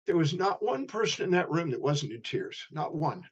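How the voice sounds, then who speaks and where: Husky-voiced male storyteller, interview guest. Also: a little high, normal speed, lo-fi sound. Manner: animated storyteller, acting out dialogue. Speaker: guest, human behavior specialist.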